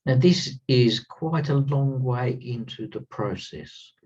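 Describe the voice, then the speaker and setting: A man gives an earnest spiritual talk, leaning on repeated words for emphasis. His voice is husky and mellow. He sits a little back from the mic, and the sound is dull and lo-fi. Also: medium pitch, takes it slowly. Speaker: spiritual teacher. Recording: slightly distant, dull lo-fi sound.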